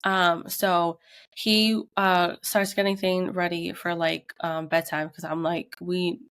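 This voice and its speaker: A woman's voice: on the low side, slow pace, clean tone. A woman in her thirties, a podcast co-host, telling a tense family story in casual chat and acting out the quotes. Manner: animated retelling with acted quotes.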